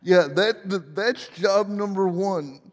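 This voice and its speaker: A man's voice: sits high, slow pace, long reverb tail. A man in his forties preaching a sermon as pastor, playful and joking at his own expense. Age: 40s. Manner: playful, self-deprecating humor.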